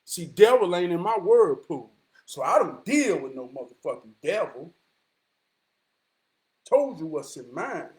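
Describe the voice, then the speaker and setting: A man with a strikingly high-pitched voice delivers a preachy motivational monologue. He is emphatic and profane, often rising to a shout, and he slows down to repeat his key lines for weight. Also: very animated. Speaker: motivational vlogger.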